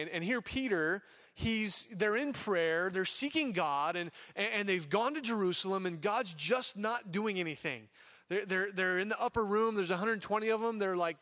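Casual pastor preaching with animated asides. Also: male voice, on the high side, moderate pace. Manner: casual, animated storytelling with voiced asides and many fillers. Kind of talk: sermon.

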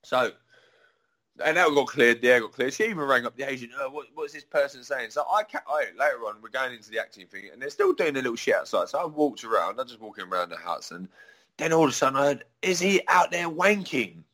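A man's voice: mid-range voice, animated, fast talker, pushed and bright. A young adult man, ranting in a casual, profane way while he tells a long story full of restarts and asides. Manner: profane, rambling, with many restarts. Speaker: adult performer.

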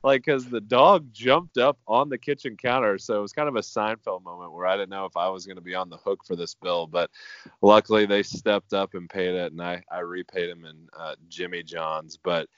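Deep smooth-voiced man telling a story. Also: steady tone, moderate pace, a bit bright, dry recording, highs cut off. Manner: rambling, many "like" fillers. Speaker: podcast co-host. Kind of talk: casual storytelling.

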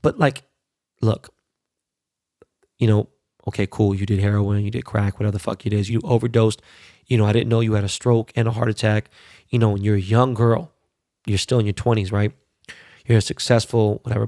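A man's voice: on the low side, steady tone, a little fast, creaky, long pauses, dark tone, no room sound, clean studio sound. A man giving casual, profane, heated commentary as a podcast host, stressing points by repeating words.

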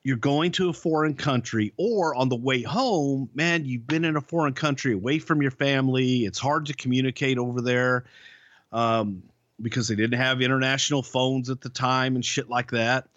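A man's voice: mid-range voice, normal speed, fairly bright tone, dry recording. Profane, rambling man spinning road stories. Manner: profane, rambling anecdotes with restarts. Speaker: podcast co-host, former wrestling writer. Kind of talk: casual storytelling. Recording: dull, lo-fi podcast audio.

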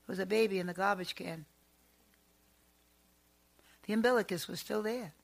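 A woman who works as a psychic, telling family stories in a chatty, animated and emphatic way. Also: medium pitch, moderate pace, gravelly. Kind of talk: storytelling monologue.

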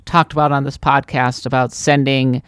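Woman from the Midwest, podcast co-host, clear crisp voice, dry sound, enthusiastic chatter. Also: a bass voice, level tone, normal speed, no room sound. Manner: chatty, enthusiastic, self-deprecating. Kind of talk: casual podcast chat.

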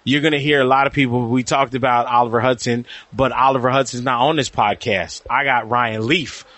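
A man co-hosting a casual golf podcast, talking in animated, teasing bursts. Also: mid-range voice, a little fast, no room sound. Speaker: podcast co-host and golf reporter. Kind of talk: casual sports podcast chat.

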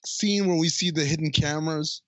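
A man's voice: on the high side, steady tone, fairly quick, no room sound, highs cut off. A man co-hosting a podcast, chatting about a film in a laid-back, amused way. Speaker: podcast co-host. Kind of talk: casual movie talk.

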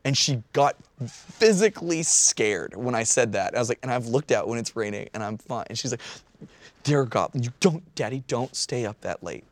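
A man in his thirties telling a story in casual chat, animated and swearing, often breaking into laughter. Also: medium pitch, normal speed, no room sound.

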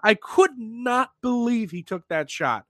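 A man hosting a sports podcast, talking in an animated, excitable way with lots of restarts. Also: very high-pitched, unhurried, no echo. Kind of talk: casual sports talk.

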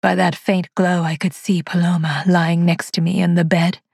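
A woman narrating as an aging, haunted spinster, telling her story in a quiet, hushed first-person voice. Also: lowish voice, flat delivery, normal speed, vocal fry, slightly rough, no echo, studio quality. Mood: uneasy.

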